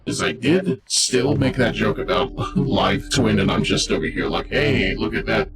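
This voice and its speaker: A man's voice: on the low side, sing-song, a little slow, creaky. A man streaming a card game, chatting casually with his chat in a rambling, jokey way. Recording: game music behind voice.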